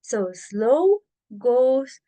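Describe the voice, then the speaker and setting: Woman english teacher on a video call, kinda high voice, slow and patient, says things twice. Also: very animated, warm tone. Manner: patient, repeats herself to explain. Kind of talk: online class teaching. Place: online video class.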